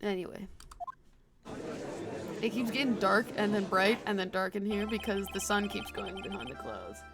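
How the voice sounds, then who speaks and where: A woman streaming a game, chatting casually with quick self-deprecating asides. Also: medium pitch, lively intonation. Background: game music.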